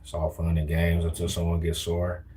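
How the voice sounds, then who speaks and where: A man's voice: deep voice, completely flat delivery, moderate pace, warm tone, a little hiss or hum. A young man trash-talking viewers on a casual livestream from a car, taunting and slangy.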